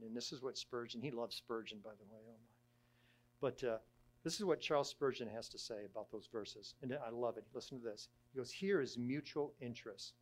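Halting middle-aged man preaching. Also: mid-range voice. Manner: halting, with frequent restarts and fillers. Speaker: church elder. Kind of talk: conversational sermon teaching.

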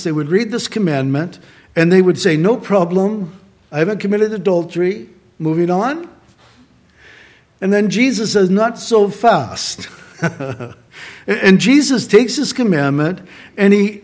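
A middle-aged man preaching a sermon as pastor, earnest and conversational, slowing down to stress key points. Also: fairly high pitch.

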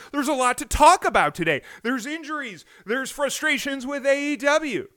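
High-voiced guy doing a solo podcast rant, dry close sound, big swings loud to quiet. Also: smooth, no room sound. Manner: animated, rhetorical questions, swings between loud and hushed. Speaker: podcast host. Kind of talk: solo wrestling podcast monologue. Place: home on the US West Coast.

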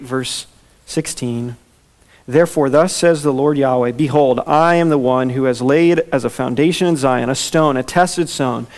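A man preaching an expository sermon, earnest, slowing down and softening as he reads scripture aloud. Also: fairly high pitch. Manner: earnest, slows down and softens when reading scripture. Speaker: pastor.

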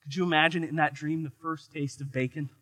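A man from the United States preaching a sermon in an animated, joking, conversational way. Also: a little high, fairly quick, no echo. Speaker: pastor.

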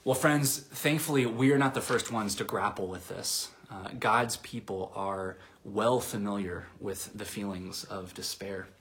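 A man preaching a sermon to his congregation in a relaxed, conversational way, with fillers and restarts, sometimes dropping to a soft near-whisper. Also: fairly low pitch, unhurried, few pauses. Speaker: pastor.

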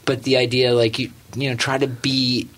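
A man hosting a casual art podcast, chiming in eagerly with quick remarks. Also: mid-range voice, flat delivery, fairly bright tone, slight background noise. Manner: eager, chimes in often. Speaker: podcast host.

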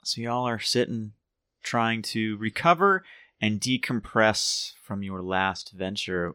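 Man, game master, laid-back and halting, lowish voice, dry recording. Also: sharp tone, smooth, dry recording. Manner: hesitant, restarts sentences, laid-back. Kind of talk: narrating a tabletop game.

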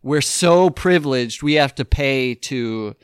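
A man chatting casually as a podcast host, telling rambling, animated stories full of fillers. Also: medium pitch, takes it slowly, clear, resonant tone, no room sound, clean studio sound. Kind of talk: casual chat.

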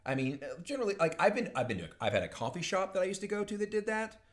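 A man's voice: high-pitched, very animated, very fast. A man co-hosting a podcast, chatting casually and rambling, laughing easily and acting out characters' lines. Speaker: podcast co-host. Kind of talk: casual chat.

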